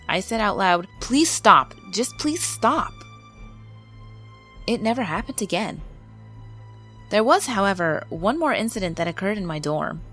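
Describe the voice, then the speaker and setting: Female narrator, mid-range voice, steady scripted read, faint music bed. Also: medium pitch. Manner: calm, measured storytelling read. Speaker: narrator of paranormal stories. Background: faint background music.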